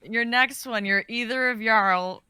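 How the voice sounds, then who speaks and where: A woman chatting excitably on a live stream with her reading group. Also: on the high side, unhurried, a crowd in the background. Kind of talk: casual stream chat.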